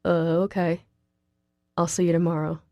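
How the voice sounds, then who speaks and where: A charming young college guy with a slow, easy drawl, voiced by a woman narrator. His voice sits low and dark with a mellow tone, recorded close and dry for an audiobook. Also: flat delivery, dry recording, natural voice. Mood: tender. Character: young man, laid-back charming college boyfriend.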